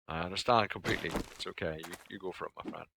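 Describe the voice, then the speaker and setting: A man with a fairly low voice talks his way through a survival game, muttering asides and humming to himself. Game sounds clatter loudly in the background. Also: very fast, creaky. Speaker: gamer. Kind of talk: casual gameplay commentary. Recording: noisy game audio behind.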